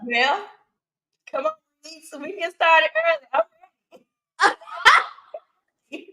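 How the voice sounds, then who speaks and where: High-voiced sassy Memphis woman. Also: wildly swooping pitch, normal speed, sharp tone. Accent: Southern, Memphis. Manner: exasperated, sassy, talks in rhetorical questions. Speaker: podcast co-host. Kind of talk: casual commentary chat.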